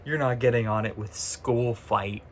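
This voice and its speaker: A man of ordinary pitch rants casually and sarcastically to his viewers, cursing freely and breaking into laughs. He sounds like he is filming himself on a phone, with a faint hum of room noise behind him. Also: fairly even intonation, measured pace. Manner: ranting, sarcastic, swears freely; laughs often mid-sentence. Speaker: vlogger. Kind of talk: casual chat.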